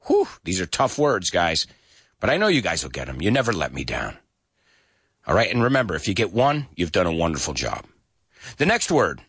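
A man hosting an English lesson in a lively radio-show style, spelling words slowly letter by letter. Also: sits low, husky, dry recording, clean studio sound. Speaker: English teacher and show host.

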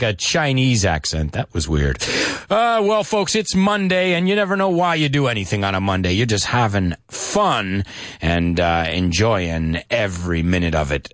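A man hosting a live-streamed English lesson in a playful, animated way, switching between English and Spanish. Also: mid-range voice, no echo, studio quality. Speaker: host.

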